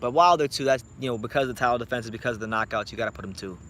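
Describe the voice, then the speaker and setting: Talking very fast in a mid-range, slightly bright voice, a young boxing YouTuber from South Florida jokes bluntly and profanely in a late-night vlog chat. There's slight background noise.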